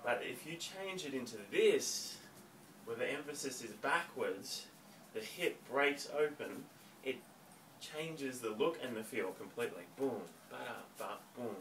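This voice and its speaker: A man teaching a home dance lesson, counting beats and giving clear step-by-step instructions. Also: mid-range voice, expressive, a little slow, a bit bright. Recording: distant mic, faint room noise.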